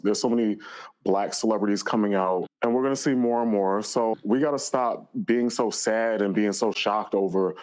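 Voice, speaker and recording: A man calls in to a gossip show and lays out his opinions in a steady way. His voice sits a bit low. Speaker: caller. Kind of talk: casual call-in commentary.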